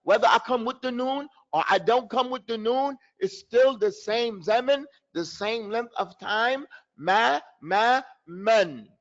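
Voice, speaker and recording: The recording is dull lo-fi audio from a live online recitation class. The male teacher has an extremely high pitch and a slightly slow pace with few pauses, drilling sounds again and again and sprinkling Arabic terms into his explanations.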